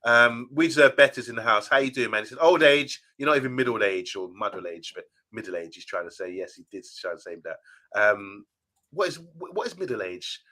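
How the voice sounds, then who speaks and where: Bright-voiced man chatting on a livestream. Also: mid-range voice, expressive, fairly quick. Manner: chatty, reads out viewer comments. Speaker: co-host of a fan channel live show. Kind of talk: casual live-stream chat.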